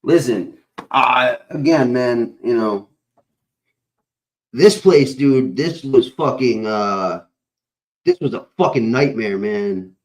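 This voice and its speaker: A man's voice: mid-range voice, slow, long pauses. A man hosting a stream, rambling in casual chat, swearing constantly and filling gaps with uh and whatchamacallit. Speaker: stream host.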